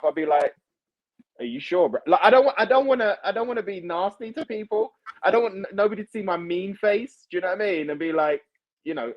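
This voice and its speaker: A man's voice: a little high, muffled recording. A young man, chatting animatedly as a podcast guest and calling people mate and bro. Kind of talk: casual chat.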